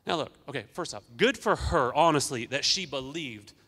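A man preaching an energetic sermon as pastor, emphatic and urging the congregation to respond. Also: mid-range voice, normal speed, long reverb tail.

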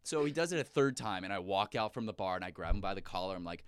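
A young man co-hosting a podcast, telling an animated story full of swearing. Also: sits low, fast, hardly any pauses, smooth. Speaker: podcast co-host. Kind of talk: casual chat.

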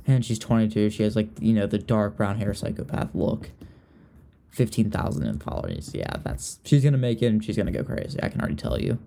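Talking fast with hardly any pauses, a young Richmond, Virginia man hosts a gossipy, casual podcast chat, often trailing off and restarting. His voice is fairly low and dark, with fairly even intonation.

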